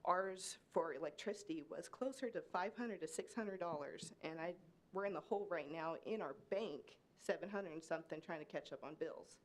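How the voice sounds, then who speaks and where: A woman's voice: lowish voice, normal speed. Emotional woman pleading at a meeting. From Kansas. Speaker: public commenter. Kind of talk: public comment at a city meeting. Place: city commission meeting room.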